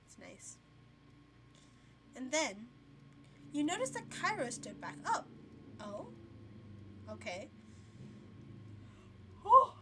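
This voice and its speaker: A high-voiced young woman streams herself reading a visual novel aloud, with slow, unhurried pacing. She chats casually between passages, yawns, and laughs often, while a faint hiss sits under the voice. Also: very animated.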